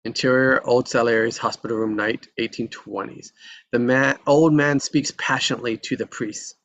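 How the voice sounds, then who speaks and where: Creaky-voiced man reading stage directions. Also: medium pitch, fairly even intonation, normal speed, fairly bright tone, highs cut off. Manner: plain, matter-of-fact.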